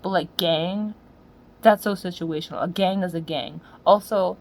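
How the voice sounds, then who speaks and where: A woman's voice: unhurried, low-quality recording. Woman on a sweary slangy rant. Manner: swings from low muttering to loud yelling. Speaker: solo podcaster. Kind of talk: profane ranting monologue.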